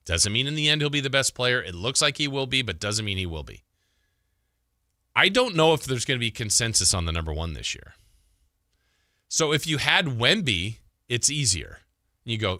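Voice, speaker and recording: A man hosting a sports talk radio show, chatting casually and thinking out loud with fillers and restarts. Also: medium pitch, big pitch swings, moderate pace, dry recording, clean studio sound.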